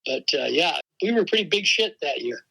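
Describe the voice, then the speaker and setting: An older man, a veteran rock drummer, telling stories in a relaxed interview and laughing often. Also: a little high, moderate pace, gravelly, slightly rough, rough recording. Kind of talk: casual interview talk.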